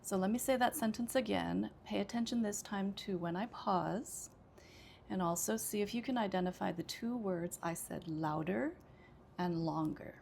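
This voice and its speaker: A woman's voice: medium pitch, normal speed, vocal fry, darkish tone, a little hiss or hum. An American woman teaching an English pronunciation lesson, explaining patiently with frequent "okay" and small hesitations. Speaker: ESL teacher.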